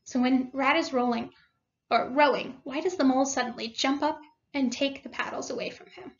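A woman's voice: sits high, steady tone, moderate pace. A woman teacher reading a storybook aloud to her class and explaining it with questions. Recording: dull lo-fi recording.

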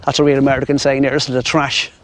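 A man's voice: medium pitch, monotone, racing. A middle-aged Irish man rambling chattily as he walks a riverside path, talking to his viewers and to the birds, on a clip-on mic. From Ireland. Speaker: vlogger. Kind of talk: casual walking commentary. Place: outdoors on a riverside path in a city. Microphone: wireless clip-on mic.

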